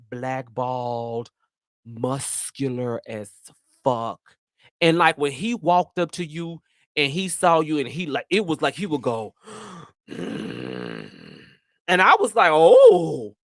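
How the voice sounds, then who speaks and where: A host tells a story on his show in a brash, sassy, profane style, keeping it casual. His voice is medium-pitched and a bit bright, captured in a dry, studio-quality recording.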